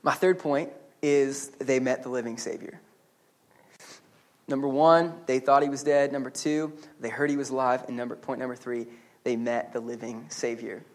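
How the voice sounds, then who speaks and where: Guy pastor giving a sermon in church, animated, cracks jokes, restarts his words a lot. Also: medium pitch. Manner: animated and humorous, with quick restarts and asides. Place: church service.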